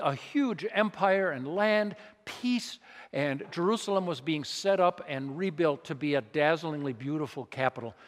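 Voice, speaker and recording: A man preaching a sermon in a conversational, emphatic way, asking his congregation rhetorical questions. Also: on the high side. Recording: long reverb of a large hall.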